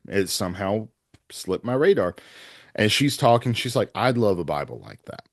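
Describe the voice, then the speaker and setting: A man's voice: mid-range voice, lively intonation, normal speed, no echo, clean studio sound. A middle-aged man, a pastor, telling earnest, rambling stories in an interview and acting out the dialogue. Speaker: pastor and evangelist. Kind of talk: storytelling in a podcast interview.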